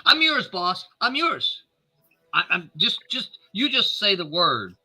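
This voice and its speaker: High bright eager male player. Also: big pitch swings, takes it slowly, slightly rough. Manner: eager, enthusiastic. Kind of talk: playing a tabletop game in character.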